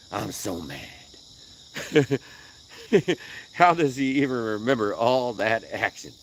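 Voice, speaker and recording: Chatting with viewers during a nighttime fishing stream by the river, the host keeps things loose and slangy and laughs often. His voice is fairly low but fairly bright in tone, and there's a little hiss or hum.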